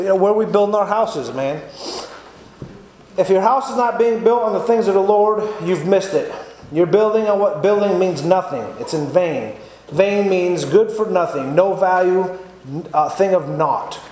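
A man's voice: high voice, normal speed, darkish tone. A man giving an earnest, repetitive testimony sermon in a church. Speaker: lay preacher giving testimony. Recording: echoey church room, faint noise.

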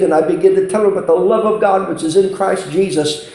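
Preacher, man, somewhat high voice, impassioned sermon storytelling, roomy hall. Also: normal speed, darkish tone. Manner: impassioned storytelling with pleading emphasis.

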